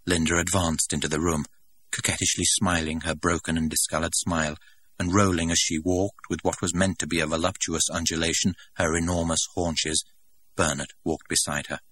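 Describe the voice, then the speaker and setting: Deep-voiced male audiobook narrator. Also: flat delivery, a bit bright, husky, no echo. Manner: measured, dramatic reading.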